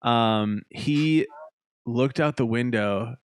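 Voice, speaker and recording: A man's voice: mid-range voice, drawn-out words, clear, resonant tone, dry recording, studio quality. A young man from Ohio, a touring band member, telling tour stories in casual chat, swearing freely and laughing through them. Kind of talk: casual storytelling on a streamed chat.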